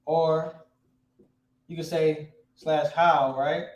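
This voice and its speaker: A man's voice: on the high side, level tone, drawn-out words, lo-fi sound. A man teaching a class in a casual, slangy way, quizzing his students. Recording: echoey room.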